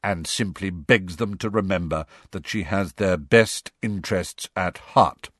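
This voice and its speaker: A man voicing a brisk, frank adult wizard with a wry, impatient edge in an audiobook. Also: sits low, a bit bright, no room sound, clean studio sound. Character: adult male wizard, wry, bold, fond godfather. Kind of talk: audiobook character voice.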